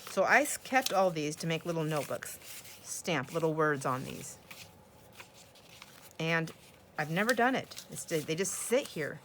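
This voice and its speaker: An older woman talks casually and rambles as she sorts through craft scraps at home, laughing now and then. Her voice sits on the lower side, and a faint hiss of noise runs underneath. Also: lively intonation, unhurried, pauses often, a bit bright. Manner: chatty and rambling, often laughing. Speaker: craft vlogger. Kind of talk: casual chat while sorting craft supplies.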